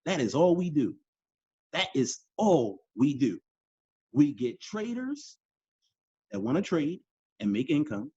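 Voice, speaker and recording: A man's voice: fairly high pitch, big pitch swings, slow, pauses often, dark tone, slightly rough, no echo. A man coaching a sales team in a motivational training talk, emphatic and preachy, repeating his key lines and calling his listeners y'all. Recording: dull, dry lo-fi audio.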